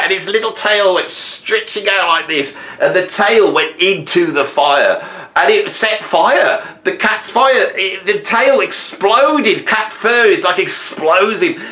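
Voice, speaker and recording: Bright-voiced man telling funny stories. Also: mid-range voice. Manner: rambling, humorous, animated storytelling. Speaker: host. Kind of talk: casual monologue. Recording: roomy echo.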